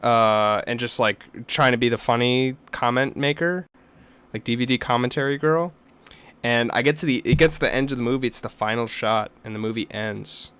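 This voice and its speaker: A man's voice: mid-range voice, moderate pace, smooth. A young man co-hosting a podcast, telling stories and ranting with lots of swearing in casual chat. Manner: profane, animated storytelling with rants. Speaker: podcast co-host.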